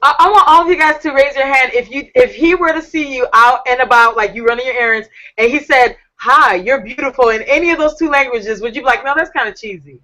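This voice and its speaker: Chatty lady host on a video call, bright sharp voice, playful teasing questions. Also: high-pitched, quick pace, hardly any pauses, poor audio. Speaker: talk show co-host.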